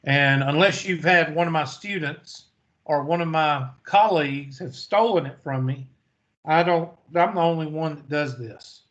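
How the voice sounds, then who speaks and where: A male math instructor with a slightly higher-than-usual voice. He lectures in a folksy, storytelling way, asking questions and answering them himself. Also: a little slow, a bit bright, muffled recording.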